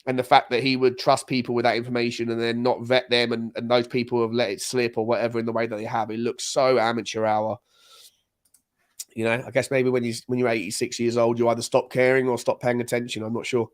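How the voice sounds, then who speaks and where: A man's voice: mid-range voice, little pitch movement, fast talker. A man from Britain hosting a casual live watchalong, talking loosely and often restarting his sentences. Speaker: host.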